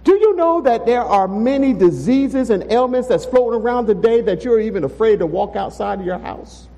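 A man's voice: high-pitched, animated, moderate pace, mellow, in a large hall, poor audio. A man preaching a sermon as pastor, emphatic and full of rhetorical questions, in a church sanctuary. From Texas.

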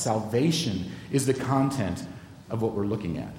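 A man's voice: big pitch swings, normal speed, darkish tone. A man preaching a sermon, teaching through a Bible passage and speaking directly to the congregation. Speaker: pastor. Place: church sanctuary. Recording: echoey hall with long reverb, faint rumble.

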